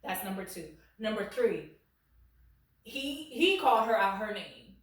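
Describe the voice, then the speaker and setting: A woman in her late twenties reading reddit stories at home with blunt, animated commentary, peppered with "like". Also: mid-range voice, a little slow. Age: late 20s. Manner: blunt and animated, heavy use of "like". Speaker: reddit story reader. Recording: very echoey room, far from mic.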